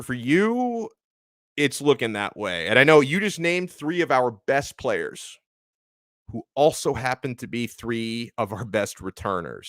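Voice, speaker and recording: A man hosting a live sports talk stream, animatedly reading viewer chats and giving shout-outs. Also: on the low side, smooth, dry recording, studio quality. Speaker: sports show host.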